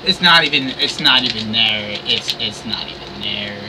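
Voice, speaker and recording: A man's voice: lowish voice, animated, normal speed, distant mic, background noise. A man streaming a wrestling video game, calling the action and swearing as he complains about the game. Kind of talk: livestream play-by-play commentary.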